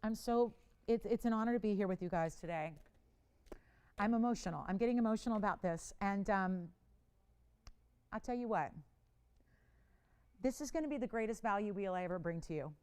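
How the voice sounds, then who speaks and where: A middle-aged woman hosting a live jewelry shopping show, giving an effusive, persuasive sales pitch that swings between soft confiding asides and loud excited bursts. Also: normal speed, long pauses, clean tone. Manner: effusive and persuasive, repeats herself for emphasis. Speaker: shopping channel jewelry host.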